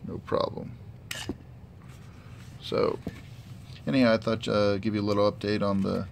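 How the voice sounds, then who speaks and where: A man giving a casual, halting product review with many fillers, filming on a handheld camera. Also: fairly low pitch, creaky, slight background noise. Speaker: gun hobbyist reviewer. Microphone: handheld camera mic.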